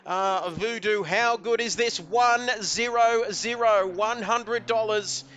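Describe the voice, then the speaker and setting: Bright high-voiced race commentator. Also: male voice, takes it slowly, slight background noise. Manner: excitable, hesitant fillers, building to shouts at the finish. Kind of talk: live sim racing commentary.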